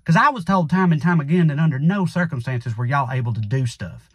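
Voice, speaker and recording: A man's voice: fairly high pitch, lively intonation, a little fast, husky, no room sound. A man with a Southern US accent delivering a sarcastic satirical comedy monologue as a channel host, drawling with punchy asides.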